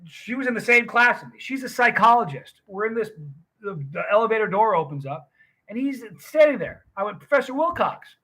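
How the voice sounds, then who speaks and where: A man's voice: high-pitched, animated, a little fast, sharp tone. A middle-aged man hosting a livestream, chatting casually with viewers and rambling through a story. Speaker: livestream host. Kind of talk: casual chat with live viewers.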